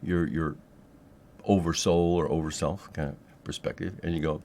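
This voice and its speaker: A man teaching a spiritual technique in a loose, rambling monologue, swearing freely and filling pauses with ums and yeahs. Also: extremely low pitch, fairly even intonation, a little mellow. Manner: loose and profane, rambling with many fillers. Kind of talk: casual monologue to camera.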